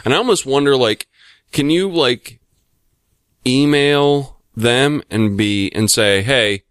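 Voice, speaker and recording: A man's voice: mid-range voice, takes it slowly, clean tone, no echo, studio quality. A man from the United States in casual chat, rambling and swearing, full of fillers and restarts. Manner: rambling, profane, lots of fillers.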